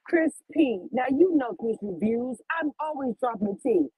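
A woman's voice: fairly high pitch, expressive, warm tone, breathy edge, dry recording, rough recording. Woman, casual livestream chat, playful and sassy, phone mic, dry sound. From Louisiana. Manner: sassy, playful, teasing, quick to laugh. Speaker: reality TV reviewer, livestream host. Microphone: phone with headphones.

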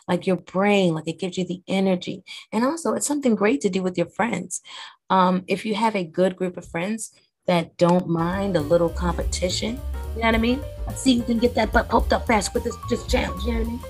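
A woman hosting a podcast in casual, rambling chat, full of fillers and asides. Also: medium pitch. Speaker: podcast host.

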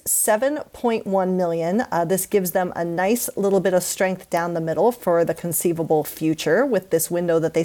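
A woman's voice: medium pitch, warm tone. Joking woman hosting a hockey chat. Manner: joking, self-deprecating, punning. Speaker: podcast host. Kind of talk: casual sports chat.

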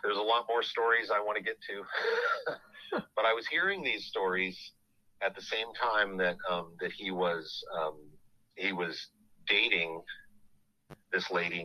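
A middle-aged man hosting a podcast, telling a family story in a halting, casual way full of restarts. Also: deep voice, sharp tone, poor audio.

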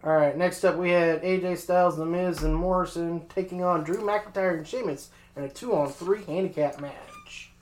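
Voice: mid-range voice, fairly even intonation, normal speed, hardly any pauses, a little mellow, echoey room, poor audio. A podcast host reading match recaps from a script and then asking a co-host for his thoughts.

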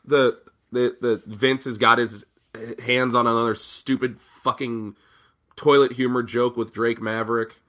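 Man, casual podcast co-host, bright tense tone, halting, frequent restarts. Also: medium pitch, level tone. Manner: halting, many restarts and repeated words. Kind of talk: casual wrestling chat.

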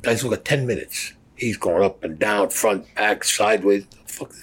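A man's voice: fairly low pitch, normal speed, breathy edge. An older man in an interview, telling a long story bluntly, swearing constantly and acting out what others said. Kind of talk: profane storytelling.

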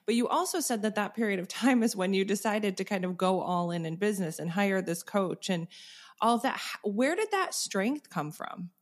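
A woman's voice: mid-range voice, expressive, normal speed. A woman hosts a podcast interview with a mid-range voice. She is engaged and conversational, coming back to points to ask follow-up questions.

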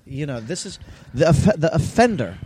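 A man's voice: on the high side, big pitch swings, normal speed, noisy background. Teasing man co-host. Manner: responsive, teasing listener. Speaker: podcast co-host. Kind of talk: casual chat.

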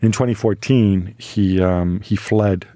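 A man with a fairly low, mellow voice, co-hosting a casual chat. He tells long stories in a wry, joking way. The sound is dry and close, with no room echo. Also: steady tone, slow pace. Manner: wry, storytelling, laughs at his own jokes. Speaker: podcast co-host.

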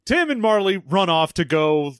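A man's voice: high-pitched, very animated, moderate pace, smooth, dry recording, clean studio sound. A man co-hosting a comedy podcast, recapping a movie in casual, joking chat with frequent swearing and laughter. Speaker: podcast co-host.

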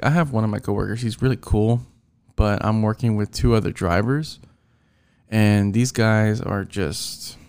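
A man's voice: on the low side, a little mellow. A man ranting casually about his coworkers, rambling and frustrated, with lots of fillers and restarts. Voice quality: gravelly. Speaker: driver venting about work.

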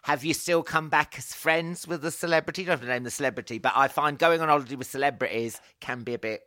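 A man's voice: a little high, fast, bright, forceful tone, no room sound, studio quality. A man, joking and teasing in a casual chat. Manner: jokey, teasing, lots of laughter. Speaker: podcast co-host.

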